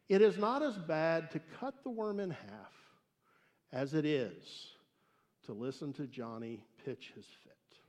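A man preaching a sermon and telling a story, emphatic and swinging between loud declarations and hushed asides. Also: fairly high pitch. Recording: echoey hall reverb.

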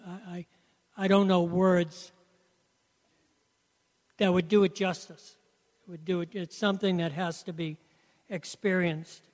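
A man with a notably high voice shares an earnest personal testimony, telling it as a story with a loose, conversational rhythm. His voice rings out with a long hall reverb around it. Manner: earnest storytelling with frequent "you know". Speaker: Christian speaker sharing testimony.

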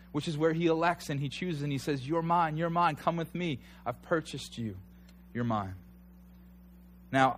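A man in his thirties preaching in a loose, conversational way, his voice sitting a little high for a man. He tells stories with animated energy and climbs to near shouts when he gets into them. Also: slight background noise. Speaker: pastor. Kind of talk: sermon.

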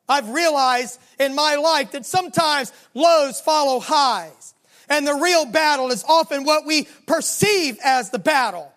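High voice, Southern accent, preacher, dramatic storytelling sermon, slows and drops low for emphasis. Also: expressive, fairly bright tone. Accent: Southern American. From Southern United States.

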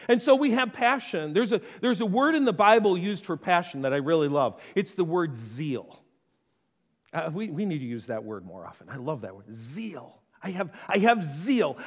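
A man preaching a sermon as pastor, conversational and playful, with quick asides and acted-out quotes. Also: high-pitched, in a large hall.

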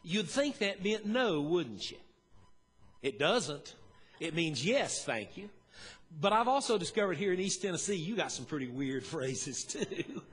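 Middle-aged male pastor, folksy sermon storyteller, slightly high voice, long church reverb. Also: big pitch swings, unhurried, a bit bright, breathy edge. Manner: folksy, storytelling, chuckles often. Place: church sanctuary.

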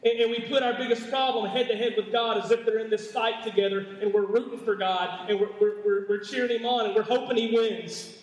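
Preaching briskly in a high, steady voice, this pastor addresses his congregation with emphatic repetition and keeps stammering and starting over. The sound comes from a distant mic in an echoey church sanctuary.

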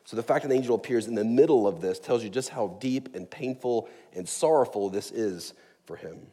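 A man preaching a sermon as a pastor, earnest and emphatic, slowing down to stress key words. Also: medium pitch, mellow, breathy edge. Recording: long reverb of a large hall.

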